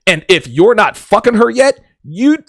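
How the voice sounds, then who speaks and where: A man talks through dating advice in a casual, blunt podcast monologue, cursing freely and acting out voices. His voice sits a bit high and moves a lot in pitch. The sound is dry, close and free of room echo. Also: very animated, unhurried, a bit bright. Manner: blunt, joking, swears freely; acts out quoted voices. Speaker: podcast host.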